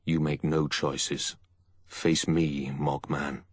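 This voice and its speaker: A man's voice: very deep voice, level tone, very slow, no room sound, heavily acted. A male audiobook narrator voicing a grim male avenger giving cold commands. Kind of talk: audiobook character voice.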